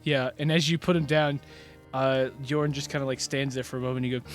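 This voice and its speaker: A man narrating as game master in animated, rambling storytelling, laughing often. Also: medium pitch, brisk, faint music behind.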